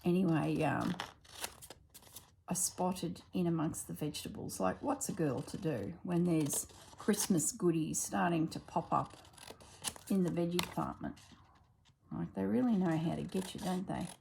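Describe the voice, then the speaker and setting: A woman's voice: on the low side, unhurried, gravelly, warm tone, a little hiss or hum. A woman, chatting and telling stories while she works on a craft project at home. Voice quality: chatty storyteller. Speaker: craft vlogger. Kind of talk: casual chat while crafting.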